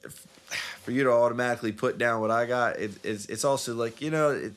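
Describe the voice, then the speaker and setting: A man's voice: mid-range voice, fairly quick, a bit bright. A man co-hosting a podcast, talking loosely and swearing casually as he trails off and restarts. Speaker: podcast co-host. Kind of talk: casual chat. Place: recording studio.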